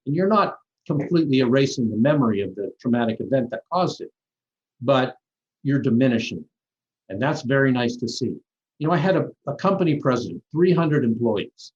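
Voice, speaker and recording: A middle-aged man talks as an interview guest, telling long stories in a loose, rambling way and often restarting his sentences. His voice sits at an ordinary male pitch. The recording is muffled and lo-fi. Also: darkish tone. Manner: rambling, with frequent restarts and light laughs. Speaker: plastic surgeon guest. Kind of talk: conversational interview storytelling. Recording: dull lo-fi audio.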